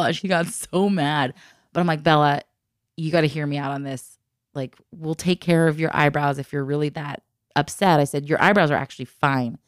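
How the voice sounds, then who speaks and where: A woman with a notably low voice chats and tells stories with plenty of laughter, acting out everyone she quotes. Her sound is dry and close, with no room around it. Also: steady tone, moderate pace, no echo. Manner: chatty storyteller, laughs often, acts out quotes. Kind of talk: casual chat.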